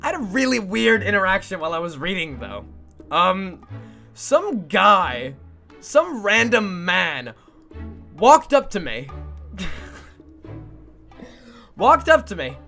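A young man streaming, telling a story to his chat in a casual, animated way, swearing and using lots of fillers. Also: high voice, slow pace, creaky, pauses often, soft background music. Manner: animated, swearing, frequent fillers, breaks into laughter.

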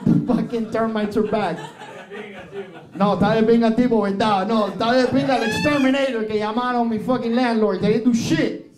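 A man's voice: very high voice, steady tone, a little fast. A young man doing a brash, profane stand-up comedy set, dropping into Spanish. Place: small improv theatre stage. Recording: roomy live club recording with crowd.

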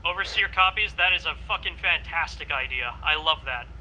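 A man's voice: a little high, brisk, sharp tone, a little hiss or hum, rough recording. A man leading a game convoy with clipped, military-style radio orders. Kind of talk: radio-style squad commands.

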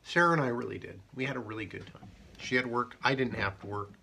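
A man hosting a live haiku show, chatting casually and joking, and reading poems slowly. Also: mid-range voice, gravelly, bright, forceful tone, slight background noise. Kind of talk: casual live-stream chat.

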